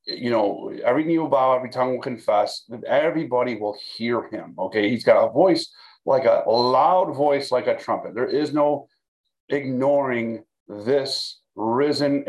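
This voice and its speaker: A man's voice: medium pitch, rough recording. A man teaching a Bible study for a video, talking in a conversational way with frequent restarts and check-ins with his listeners. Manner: conversational, repeats words, fillers, checks in with "okay?". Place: recorded for video.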